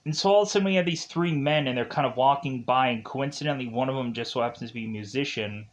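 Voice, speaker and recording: A man's voice: medium pitch, quick pace. A man reviewing a film, retelling the plot in a rambling, casual way with many fillers.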